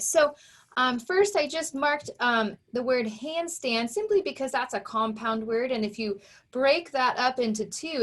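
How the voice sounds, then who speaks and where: A woman teacher walks young readers through a word list, sounding out letters and syllables slowly and clearly. Her voice sits a little high. She stays patient and encouraging from word to word. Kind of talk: reading lesson for young children.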